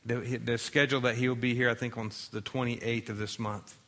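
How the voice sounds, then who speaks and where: Bright-voiced male pastor preaching. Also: mid-range voice, level tone, brisk, long reverb tail. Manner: conversational preaching, dramatic quoting. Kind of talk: sermon.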